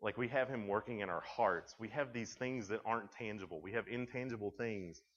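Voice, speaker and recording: A young man speaking to junior high students, telling stories in a conversational way with frequent restarts. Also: a little fast, a bit bright, big-room sound. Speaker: youth speaker. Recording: dull lo-fi sound.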